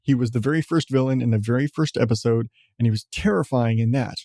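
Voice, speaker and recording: A man's voice: mid-range voice, fast, vocal fry, dark tone, dry recording, clean studio sound. A man hosting a podcast, talking in a rambling, casual way with frequent swearing and chuckles. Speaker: podcast host. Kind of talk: casual chat.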